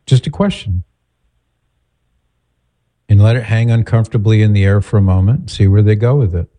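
A man with a lowish, mellow voice hosts a call-in advice show. He counsels the caller in a measured, patient way and talks it through calmly. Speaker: radio advice host.

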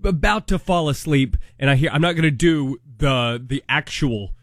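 A man's voice: on the high side, lively intonation, moderate pace, no room sound, clean studio sound. A man on a morning radio show, telling a story in a self-deprecating way.

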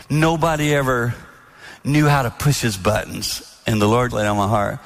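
Man, sermon-style talk, earnest, storytelling, mid-pitched voice. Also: normal speed. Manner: earnest, storytelling, acts out soft-spoken quotes. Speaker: speaker on marriage.

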